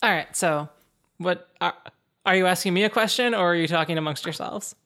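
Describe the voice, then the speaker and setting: A woman's voice: lowish voice, brisk, a bit bright. A woman narrating as game master of a tabletop game, easygoing with frequent ums.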